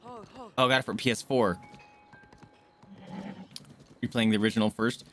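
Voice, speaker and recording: A young man streaming a game, chatting casually with viewers, excitable, swearing, jumping from hushed asides to loud outbursts. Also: on the low side, moderate pace, faint music behind. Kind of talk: casual gameplay commentary.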